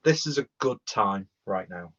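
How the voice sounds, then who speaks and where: A man's voice: on the low side, lively intonation, measured pace, a bit bright. Sweary man reviewing beer. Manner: rambling, sweary, talks while chewing. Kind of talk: casual live-stream review. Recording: dull lo-fi stream audio.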